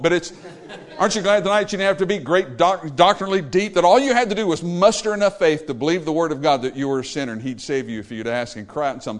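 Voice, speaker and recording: Male preacher, slightly high voice, sermon delivery that swings between loud and hushed. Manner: dynamic, swinging from loud exclamations to low quiet lines.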